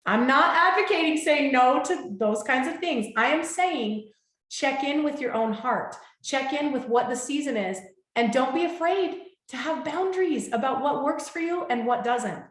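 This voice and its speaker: A woman's voice: sits high, animated, normal speed. Heartfelt woman giving a motivational talk. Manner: warm, heartfelt, repeatedly checks in with listeners. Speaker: host. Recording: echoey room.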